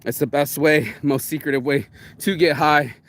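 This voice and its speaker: A man's voice: on the high side, steady tone, moderate pace, fairly bright tone. Rambling, confessional man talking outdoors. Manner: candid, rambling, confessional, with frequent fillers and restarts. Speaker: vlogger. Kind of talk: casual morning livestream monologue.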